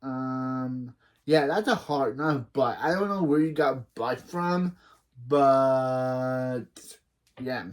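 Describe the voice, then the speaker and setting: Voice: mid-range voice, slow pace. Rambling reaction host recapping an episode. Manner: rambling, with many restarts.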